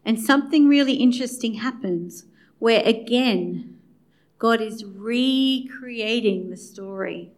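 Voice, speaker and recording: A woman preaching a sermon in a conversational way, acting out the quoted dialogue as she goes. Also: mid-range voice. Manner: conversational, acts out quoted dialogue with swings in loudness.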